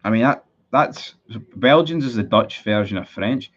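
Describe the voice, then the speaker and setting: A Scottish man with a fairly low voice talks through a live football match for his stream, swearing at his team and answering viewers in the chat. His audio is dull and lo-fi, like a cheap streaming setup. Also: lively intonation, unhurried. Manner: frustrated, sweary, chatty with viewers. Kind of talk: live match watchalong commentary.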